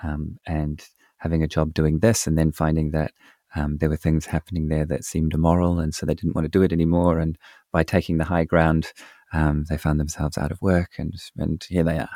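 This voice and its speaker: Deep gravelly man, thoughtful talk. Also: monotone, brisk, mellow, no room sound, studio quality. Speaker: podcast co-host. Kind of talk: casual chat.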